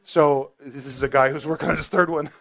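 A man teaching a Bible study group in a casual, animated way, joking and asking questions. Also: on the high side, fairly quick, vocal fry.

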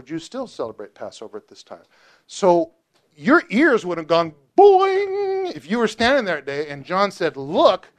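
A man teaching a Bible study group in a casual, animated way, joking and asking questions. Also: on the high side.

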